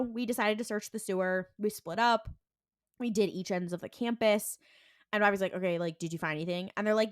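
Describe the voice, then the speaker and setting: A woman co-hosting a podcast, casually recapping a TV episode and acting out the characters' lines in quick voices, with a lot of "like". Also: medium pitch, fairly bright tone, no echo, clean studio sound. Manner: heavy use of "like" and "and he's like". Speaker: podcast co-host.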